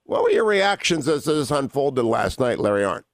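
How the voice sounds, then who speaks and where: A man hosting a radio interview, delivering with theatrical emphasis and slowing to stress words. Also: medium pitch, very animated, no echo. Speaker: radio talk show host.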